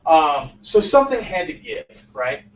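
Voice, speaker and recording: A man in his twenties, a startup founder giving a casual motivational talk to a room, energetic and often tagging his points with "right?". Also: a little high, a little slow, a little hiss or hum. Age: 20s. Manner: energetic, peppers lines with "right?". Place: lecture room. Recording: echoey muffled room sound from far off.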